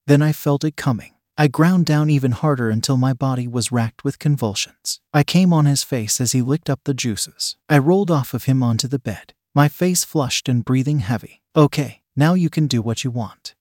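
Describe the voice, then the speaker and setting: A man reading an adult story aloud, with a steady, unhurried delivery. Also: mid-range voice, dry recording, studio quality. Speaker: story reader.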